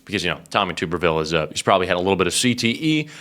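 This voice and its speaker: A man hosting a political commentary show, mocking and profane, with quick asides. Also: deep voice, big pitch swings, fairly bright tone.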